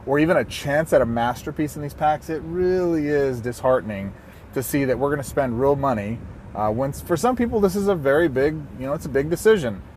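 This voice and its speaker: A man's voice: a little high, a little hiss or hum. Jokey man reviewing a mobile game. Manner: jokey and self-mocking, with goofy asides. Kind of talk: playful YouTube game review.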